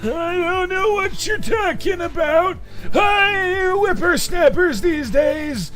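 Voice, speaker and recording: A man putting on the voice of a cranky old man who scolds young people, shouting slowly and querulously. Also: very high-pitched, expressive, faint music behind, pitched above the performer's own voice, heavily acted. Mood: grumpy. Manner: loud, slow, querulous shouting.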